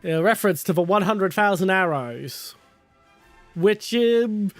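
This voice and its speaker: A man's voice: sits high, lively intonation, measured pace, dry recording, soft background music. A man streaming live who chats casually, laughs often and swears freely as he talks to viewers. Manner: giggly and chatty, swears casually.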